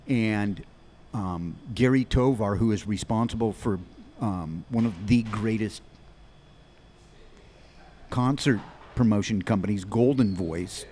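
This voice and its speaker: A man in his sixties, a musician guest on a podcast, telling long anecdotes in quick animated bursts with many restarts. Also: lowish voice, slight background noise. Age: 60s. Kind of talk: rambling storytelling in an interview.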